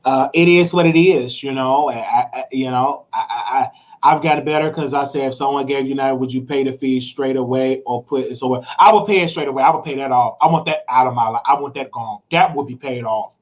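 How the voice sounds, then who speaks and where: A man hosting a casual live stream, talking straight to his viewers, animated and swinging between excited highs and low, serious storytelling. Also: fairly quick. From United States. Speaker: livestream host.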